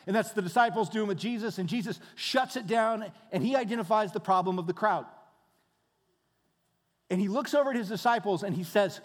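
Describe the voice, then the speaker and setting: High-voiced pastor preaching in a hall. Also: male voice, fairly quick. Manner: conversational, rhetorical questions, repeats phrases. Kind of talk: sermon. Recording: reverberant hall.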